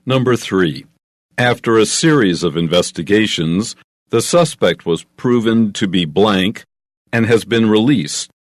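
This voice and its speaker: A man teaching English in a measured, explanatory way, walking through each answer with small examples. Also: fairly low pitch, expressive, no echo, clean studio sound.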